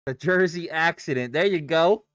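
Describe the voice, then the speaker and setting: Young man, trading streamer, swears freely, clear smooth voice, dry close mic. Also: a little high, moderate pace, fairly bright tone, no echo. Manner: profane, rambling, reacts to chat and charts. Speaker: livestream day trader. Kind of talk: casual live-stream chat.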